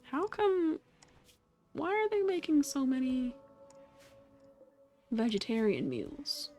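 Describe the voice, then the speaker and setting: A young woman vlogger with a high-pitched, mellow, very animated voice tells casual stories at a slow pace while crafting. She rambles in a laid-back way, swears freely and laughs often, with faint music in the background.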